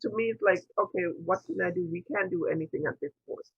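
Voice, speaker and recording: A woman's voice: lowish voice, fast, creaky, slightly rough, dry recording. A woman priestess hosting an interview, telling her spiritual story in an earnest, digressive way and quoting her own past thoughts aloud. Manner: earnest, digressive, with quoted inner dialogue. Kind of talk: reflective personal storytelling. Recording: tinny phone-like line.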